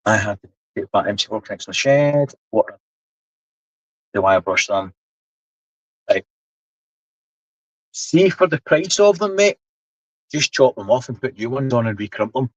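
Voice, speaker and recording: A man's voice: fairly low pitch, normal speed, pauses often, dry recording, lo-fi sound. A man in his seventies with a Scottish accent, chatting casually on a live stream, explaining things while he reads the chat. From Scotland. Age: 70s. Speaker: livestream host.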